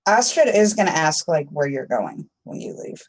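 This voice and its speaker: A woman's voice: low voice, sing-song, moderate pace. A woman playing a tabletop game, asking curious, probing questions in character. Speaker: player. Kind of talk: casual in-character chat.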